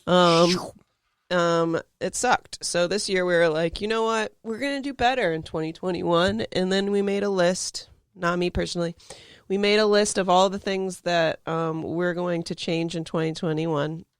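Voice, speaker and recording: A woman's voice: lowish voice, steady tone, moderate pace, clear, resonant tone, no room sound, studio quality. A woman hosting a podcast in casual chat, playful and bubbly with a sing-song delivery. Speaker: podcast host.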